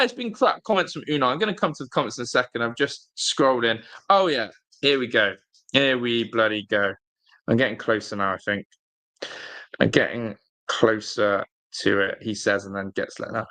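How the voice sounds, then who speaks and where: A man's voice: medium pitch, pushed and bright. A man, hosting a live football watch-along from a hotel room and ranting angrily at his team, swearing and repeating himself. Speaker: fan channel host.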